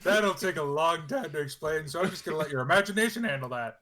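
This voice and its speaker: A man's voice: on the high side, expressive, fast talker, pushed and bright. A man in casual chat as a tabletop game player, joking and teasing the others.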